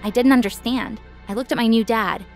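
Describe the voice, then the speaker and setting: Woman reading her animated story out, expressive, kinda high voice, light music behind. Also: brisk. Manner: clear, expressive first-person telling. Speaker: narrator. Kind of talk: scripted storytelling narration.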